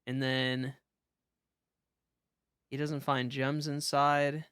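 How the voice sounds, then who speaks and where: A man's voice: medium pitch, little pitch movement, extremely slow, fairly bright tone, clear, resonant tone, no room sound. Rambling young male streamer, dry sound. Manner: casual, rambling, frequent fillers and restarts. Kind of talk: live game stream commentary.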